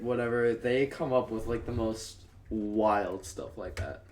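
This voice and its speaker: Young male Marine reactor; low, laid-back, rambling, in an echoey room. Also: steady tone, measured pace, a little mellow, slight background noise. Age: young adult. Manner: laid-back, casual swearing, rambling explanations. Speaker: newly graduated Marine reacting to clips. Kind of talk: casual reaction commentary.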